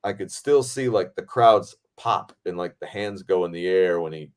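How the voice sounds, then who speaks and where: A man with a fairly low voice chats on a podcast about his days on set. He talks in an excitable, animated way and swears freely as the story builds. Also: normal speed. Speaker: podcast host and film director. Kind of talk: casual storytelling chat.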